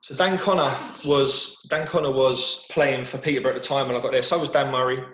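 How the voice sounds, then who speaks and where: A man's voice: mid-range voice, fairly even intonation, a little fast, a bit bright. A man with a London English accent, a football manager being interviewed in casual chat, rambling with frequent restarts and repeated words over a video call. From London, England. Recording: roomy, dull video-call audio.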